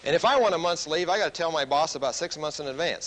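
A military officer giving a stress management lecture to a group, telling stories and asking the audience questions. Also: male voice, on the high side, quick pace, poor audio. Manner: animated storyteller who asks the audience questions.

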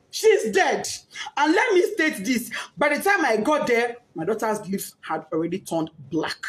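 A grief-stricken middle-aged woman with a Nigerian accent tells her story in an echoey room. Her voice is high and swings widely in pitch, lurching from raw shouting to hushed, tearful speech. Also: very animated, a little slow. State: grief-stricken, often crying. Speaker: bereaved mother. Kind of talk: emotional spoken testimony.

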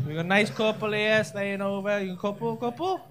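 A man's voice: sits high, fairly even intonation, brisk. A man doing brash, sweary crowd work as a stand-up comedian on a comedy club stage. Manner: brash, sweary, teasing banter with the audience. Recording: live club show with loud crowd laughter. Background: laughing audience.

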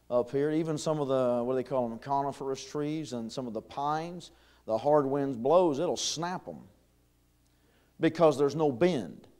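A man's voice: medium pitch, mellow. A middle-aged man, preaching a conversational sermon in a church, with chuckles and fillers. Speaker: pastor. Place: church sanctuary.

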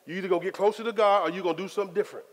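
A man preaching a sermon as pastor, in a lively, conversational style full of casual Southern phrasing. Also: high voice, racing. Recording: long hall reverb.

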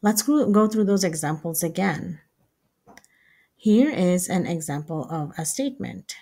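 A woman teaching English writing step by step, slow and deliberate, repeating each example sentence. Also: lowish voice, a little mellow, husky.

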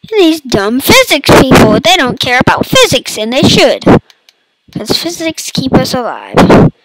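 A woman with a hoarse, fading voice and a cough, chatting playfully to viewers over gameplay. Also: high-pitched, huge pitch swings, slow, pauses often, heavy background noise. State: hoarse, losing her voice, coughing. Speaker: gaming YouTuber. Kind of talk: casual let's-play commentary. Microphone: computer mic.

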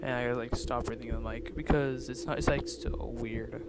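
A young man commentating a game, jittery, swinging from hushed mutters to loud yelps. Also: mid-range voice, fairly even intonation, brisk. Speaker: gaming YouTuber. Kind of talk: let's-play commentary. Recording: loud noise behind voice.

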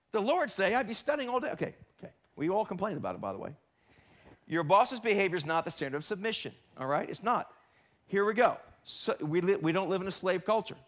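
A middle-aged male pastor preaching a sermon in a church, animated and acting out quoted coworkers in short voices. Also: high voice.

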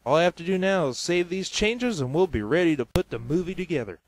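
Brief: upbeat cartoon editor guy, man voicing, high, dry close sound. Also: expressive, fast talker, no room sound, lightly acted. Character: cheerful helpful male film editor.

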